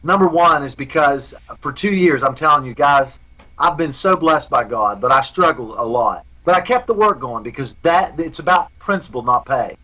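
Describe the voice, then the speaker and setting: A man's voice: fairly high pitch, expressive, normal speed, pushed and bright, highs cut off. A man speaking as a guest in a live remote interview, earnest and preaching.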